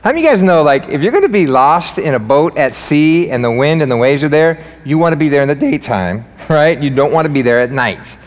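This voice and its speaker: Brief: lively, joking male pastor mid-sermon, fairly high voice, long hall reverb. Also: brisk, hardly any pauses. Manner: energetic, joking and preaching. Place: church sanctuary.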